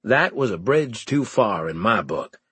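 A man's voice: on the low side, very animated, measured pace, a bit bright, breathy edge, dry recording. A man narrating a first-person audiobook in a wry storytelling manner.

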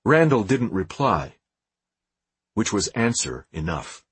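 A man reading an audiobook in a dramatic, expressive scripted narration. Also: fairly low pitch, slow, slightly rough, no echo.

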